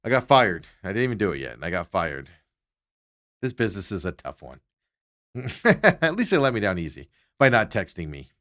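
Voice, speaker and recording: A man hosting a talk show, telling stories in a casual, animated way and ranting with exasperation. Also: low voice, normal speed. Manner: animated storytelling, exasperated rants. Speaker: radio show host. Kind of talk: casual chat.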